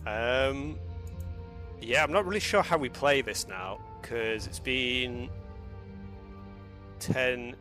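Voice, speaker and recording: A man's voice: medium pitch, slow pace, long pauses, sharp tone, soft background music. A man doing casual live commentary on a strategy game match, rambling loosely and laughing often. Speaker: esports commentator.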